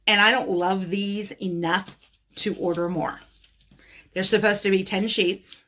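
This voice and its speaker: A woman's voice: medium pitch, steady tone, measured pace, a bit bright. A woman nail technician chatting casually and bluntly while showing nail art supplies she bought. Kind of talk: casual product haul talk.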